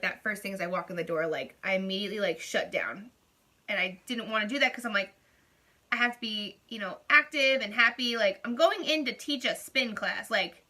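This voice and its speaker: Young woman, vlog rant; high, very bright tone, chatty and animated. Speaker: beauty vlogger. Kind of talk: casual venting vlog.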